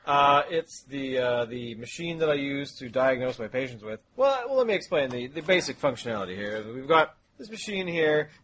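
A man's voice: medium pitch, animated, moderate pace, few pauses, background noise, close to an everyday voice. Man playing a sleazy quack doctor. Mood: smarmy. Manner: hesitant, full of uhs, falsely soothing. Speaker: podcast co-host.

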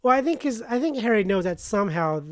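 A woman's voice: on the high side, big pitch swings, fast talker, no room sound, clean studio sound. A woman co-hosting a podcast in casual chat, correcting details and teasingly urging her co-host to wrap up.

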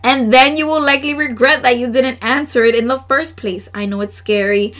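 A woman's voice: high voice, a little fast, a bit bright. A woman hosting a casual solo podcast, reading oracle cards aloud in an earnest, emotional way with frequent laughs and slangy asides. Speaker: podcast host.

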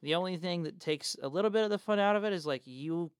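A man's voice: high-pitched, quick pace, smooth, dry recording. A young man co-hosting a tabletop game podcast, joking and swearing freely in casual chat. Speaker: podcast co-host.

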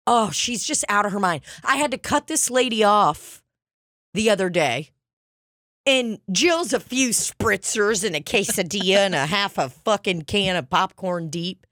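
A woman's voice: mid-range voice, expressive, a little slow, fairly bright tone, dry recording, clean studio sound. A woman co-hosting a podcast, telling a bar story as a profane, ranting casual chat. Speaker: podcast co-host.

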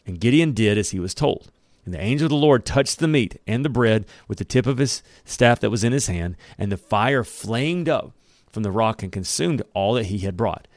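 A man's voice: fairly low pitch, expressive, normal speed, no room sound, clean studio sound. A man preaching a sermon, reading scripture aloud and commenting on it in a conversational way. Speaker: pastor.

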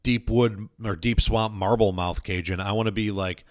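A man's voice: lowish voice, fairly even intonation, moderate pace, dry recording, clean studio sound. A man chatting casually as a podcast co-host, telling rambling stories full of fillers and playful asides. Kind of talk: casual chat.

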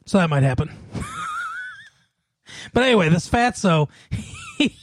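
A man's voice: high voice, wildly swooping pitch, a little slow, no room sound, studio quality. A man co-hosting a podcast in casual chat, laughing often and rattling off lists. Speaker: podcast co-host.

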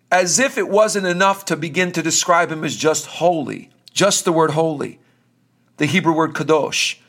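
High-voiced man preaching emphatically. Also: fairly bright tone. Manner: emphatic, repeats words with slow stress. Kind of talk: sermon.

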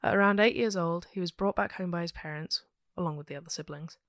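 A woman with a London accent, co-hosting a podcast and telling a true crime case in a steady, matter-of-fact way with dry asides. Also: on the low side, fast talker, no room sound. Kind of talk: casual chat reading out researched notes.

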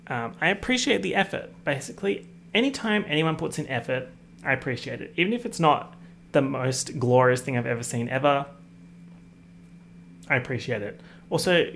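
A man's voice: medium pitch, vocal fry, fairly bright tone, a little hiss or hum. A young man with an Australian accent giving a chatty, ranting commentary on pop culture, prone to dramatic exaggeration. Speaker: podcast host.

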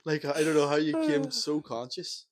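A man's voice: fairly high pitch, sing-song, normal speed. A young man, telling nights-out stories with laughter and plenty of swearing in a casual chat. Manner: laughing storyteller, heavy swearing. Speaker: podcast co-host.

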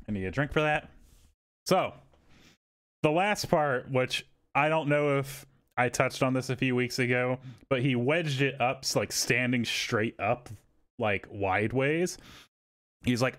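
A man hosting a podcast, telling a story in casual, profane, animated chat and acting out what people said. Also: mid-range voice, normal speed. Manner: animated, profane, acts out quotes. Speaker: podcast host.

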